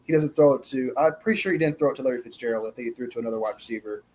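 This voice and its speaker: A man co-hosting a casual sports chat, telling stories quickly and laughing along. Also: medium pitch, darkish tone. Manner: storytelling, fast, laughs. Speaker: co-host. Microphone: streaming mic.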